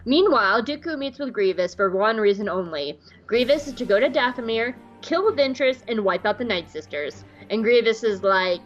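A woman co-hosting a podcast, chatting casually, laughing often and acting out quotes in squeaky voices. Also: animated, moderate pace, few pauses, muffled recording, soft background music. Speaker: podcast co-host. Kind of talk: casual chat, recapping an episode.

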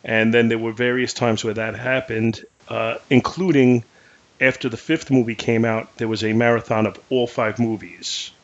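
A man's voice: mid-range voice, level tone, moderate pace. A middle-aged man hosting a podcast, chatting casually and hesitantly about movies. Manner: easygoing, hesitant with fillers. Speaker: podcast host. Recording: dull lo-fi sound.

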